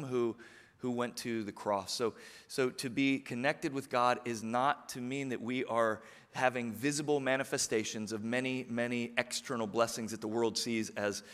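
Man preaching in a reverberant church. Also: medium pitch. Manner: earnest preaching, swings from quiet reflection to rousing calls to the congregation. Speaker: pastor. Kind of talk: sermon. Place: church sanctuary. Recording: long hall reverb of a church.

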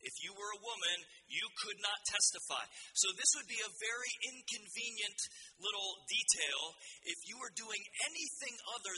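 A man preaches to his congregation in a bright, forceful voice that sits a little high. He tells the story casually, breaking off to ask the room questions. A faint hiss of ambience runs under him. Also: low-quality recording. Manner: conversational storytelling, quick asides to the congregation. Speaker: pastor. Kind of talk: sermon.

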